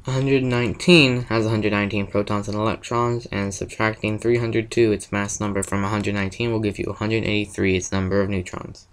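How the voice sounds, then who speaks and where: Low-voiced man methodically explaining science. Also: a little fast, few pauses, poor audio. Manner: steady, methodical, step-by-step explaining. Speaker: presenter of a school science project. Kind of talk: reading a prepared explanation.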